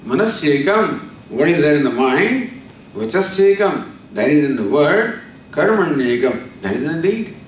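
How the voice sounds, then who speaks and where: A man, giving a spiritual discourse. He tells a story and then explains Sanskrit terms slowly, repeating them. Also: fairly high pitch, big pitch swings. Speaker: spiritual teacher. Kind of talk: discourse on scripture. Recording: echoey hall from far off, faint noise.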